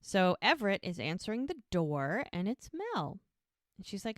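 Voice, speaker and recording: A woman's voice: medium pitch, lively intonation, moderate pace, dry recording. Woman on a podcast recapping episodes, keeps going "and he's like", dry close sound. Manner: retells scenes by quoting characters with "he's like". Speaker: podcast co-host. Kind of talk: casual recap chat.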